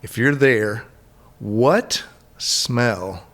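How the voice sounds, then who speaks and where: A man's voice: mid-range voice, extremely slow. A middle-aged man hosting a casual interview, talking in a loose, rambling way. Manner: rambling, relaxed, many restarts. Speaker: host.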